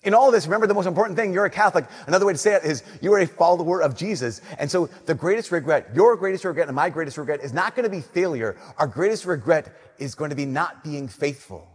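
A young man, a Catholic priest, giving an earnest, conversational homily that drops to soft emphasis. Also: a little high, lively intonation, fast, few pauses, breathy edge. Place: church. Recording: long church reverb.

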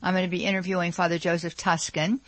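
A woman's voice: lowish voice, flat delivery, fast, no room sound. A woman hosting a radio talk show, chatty and enthusiastic, with plenty of fillers, speaking from a studio.

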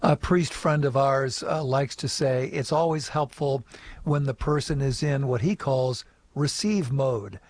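A man's voice: mid-range voice, measured pace, a little mellow, slight background noise. A man hosting a call-in radio show in a friendly way, reading out listener emails and phone numbers.

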